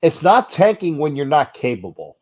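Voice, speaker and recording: A man hosting a sports fan talk show with a stuffed-up nose, rambling and restarting, his level swinging from low mutters to loud bursts. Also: very animated, moderate pace. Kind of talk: uncensored fan rant show.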